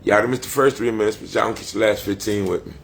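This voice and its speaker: A man's voice: on the low side, rapid-fire, vocal fry, slight background noise. A man, rambling profanely and boastfully on a casual livestream. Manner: loose, profane, boastful street talk.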